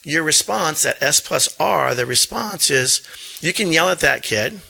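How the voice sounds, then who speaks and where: Man, middle-aged, school principal, very gravelly voice, earnest, restarts phrases. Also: on the high side, lively intonation, unhurried, bright, forceful tone, rough recording. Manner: earnest, repeats words as he thinks. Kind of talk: casual interview talk.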